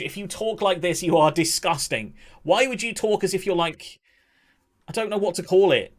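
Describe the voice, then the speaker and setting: A man's voice: sits high, moderate pace. Chatty young man streaming. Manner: chatty, laughs often, mock-outraged ranting. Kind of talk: casual live-stream commentary.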